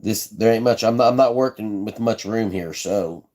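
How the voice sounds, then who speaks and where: A man's voice: on the low side, moderate pace, a little mellow. A man hosting a live stream, casually showing how he builds fishing rods. He talks in a folksy, chatty way, repeats himself, and answers viewers in the chat. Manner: laid-back, folksy phrasing.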